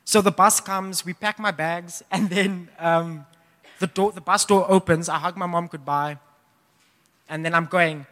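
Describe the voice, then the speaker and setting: A young man preaching a sermon, telling a personal story in a casual, animated way with laughs. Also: high voice, measured pace. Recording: long hall reverb.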